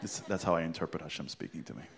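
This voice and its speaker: A middle-aged man from Brooklyn, telling a story on stage in an animated, theatrical way, acting out the dialogue and dropping to a hush for punchlines. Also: extremely low pitch, rapid-fire, gravelly, slight background noise. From Brooklyn, New York. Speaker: motivational speaker.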